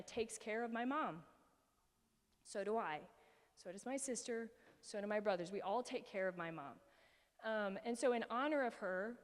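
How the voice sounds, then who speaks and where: A woman's voice: mid-range voice, long reverb tail. A woman in her forties giving a heartfelt personal talk with slides, earnest and emotional, with many fillers and restarts. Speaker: speaker presenting to a group.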